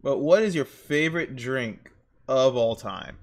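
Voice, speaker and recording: Excitable young man chatting on stream. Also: medium pitch, measured pace. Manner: rambling, excitable storytelling with exclamations. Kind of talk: casual chat while drawing on stream.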